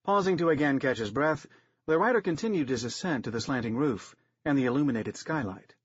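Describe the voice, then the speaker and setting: A man narrating an audiobook in a steady, wry storytelling manner, in a dry, slightly dull recording. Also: mid-range voice, brisk, slightly rough, dry recording.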